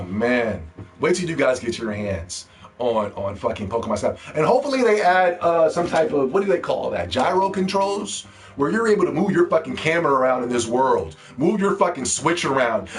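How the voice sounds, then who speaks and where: A young man hosting a live gaming stream, ranting casually and playfully with lots of swearing and bursts of shouting. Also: a little high, brisk, a little hiss or hum. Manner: animated, profane, playful shouting.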